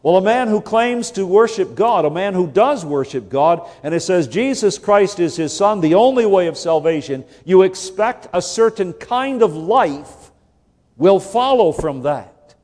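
A man delivers a sermon in a slightly high voice, measured and emphatic. He presses his point through rhetorical questions and repetition, and a long reverb trails each phrase. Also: expressive, darkish tone. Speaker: preacher.

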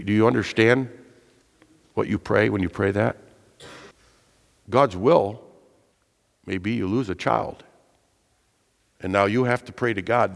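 A man's voice: medium pitch, long reverb tail. A man preaching a sermon, earnest and emphatic, asking his listeners rhetorical questions. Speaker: pastor.

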